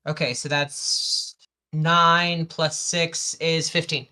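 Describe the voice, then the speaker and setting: An eager tabletop player counts out rolls and damage aloud with plain enthusiasm. The voice is bright and forward. The delivery is unhurried and deliberate. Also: mid-range voice, level tone. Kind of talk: casual tabletop play.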